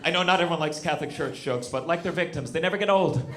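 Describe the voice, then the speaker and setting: A man's voice: a little high, quick pace. A man doing a stand-up set on a club stage, brash and profane with punchy rants. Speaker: stand-up comedian. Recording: roomy club with loud crowd noise.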